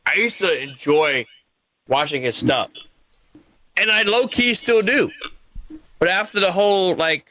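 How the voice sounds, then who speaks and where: A man co-hosts a casual wrestling podcast, talking in an emphatic, animated way and swearing often. His voice sits a bit high for a man and sounds forceful and bright. He leans hard on his strongest words. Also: measured pace, long pauses. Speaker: podcast co-host. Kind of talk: casual chat about wrestling.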